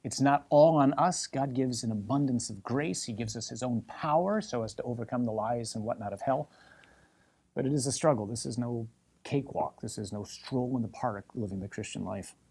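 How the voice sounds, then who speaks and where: A man, a priest, preaching a sermon in an emphatic, animated way with many repetitions. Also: mid-range voice.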